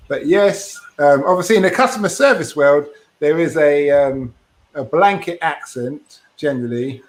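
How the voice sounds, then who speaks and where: Man, podcast co-host, higher voice, earnest and explanatory. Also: low-quality recording. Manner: earnest, explanatory, with frequent restarts. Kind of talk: casual panel discussion.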